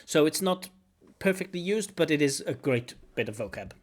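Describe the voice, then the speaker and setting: A man working as a language examiner, giving lively spoken feedback on a candidate's test, recorded over a video call. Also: on the high side, normal speed. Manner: animated, acts out intonation with singsong syllables.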